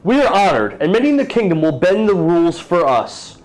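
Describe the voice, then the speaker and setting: A man's voice: high-pitched, big pitch swings, brisk, a little mellow, soft background music, pitched above the performer's own voice, low-quality recording. A man voicing a pompous, boastful male human knight in a tabletop role-play game, speaking in a grand, self-important way.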